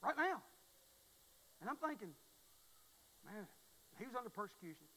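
A Southern US preacher man in his forties delivering a folksy sermon in a high voice. His tone is bright and forceful, and he repeats his points as he swings from quiet asides to near shouting. A faint hum of room ambience sits behind him. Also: very animated, fairly quick, low-quality recording. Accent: Southern US (Mississippi).

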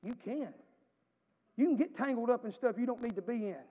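Male pastor, high-pitched, folksy sermon delivery that climbs to fervent shouting; long reverb, muffled lo-fi capture. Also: expressive, fairly quick. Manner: folksy storytelling that builds to impassioned shouting. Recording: echoey hall, dull lo-fi sound.

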